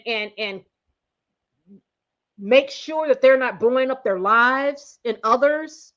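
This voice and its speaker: A woman hosting a casual commentary livestream, excitable and blunt, talking directly to her viewers. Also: a little high, takes it slowly, long pauses, lo-fi sound. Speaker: host.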